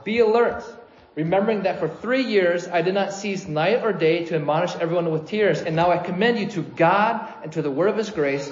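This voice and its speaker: A man's voice: on the high side, slight background noise. Echoey conversational male preacher. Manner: conversational, animated when quoting, frequent restarts. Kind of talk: sermon. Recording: echoey room, slightly dull sound.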